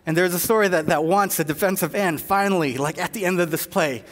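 A man's voice: high-pitched, a little fast, big-room sound. A man preaching a sermon in a church, telling stories with many fillers and restarts. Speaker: pastor.

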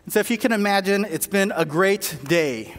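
High-voiced preacher in a reverberant hall. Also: male voice, normal speed, fairly bright tone. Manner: storytelling with many restarts and fillers. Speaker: pastor. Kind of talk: sermon.

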